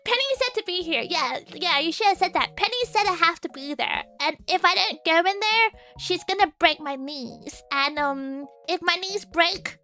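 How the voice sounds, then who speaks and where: A woman's voice: very high voice, animated, normal speed, hardly any pauses, pushed and bright. A young woman streamer chatting casually, giggling often and repeating her words as she talks. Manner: giggly, laughs often between phrases. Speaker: virtual streamer. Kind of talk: casual chat.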